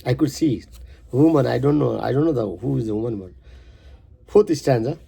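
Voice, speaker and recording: Guy poet reading his own poem out, gravelly husky voice, keeps going off on tangents. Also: medium pitch, lively intonation, dark tone. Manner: halting, rambling asides between verses.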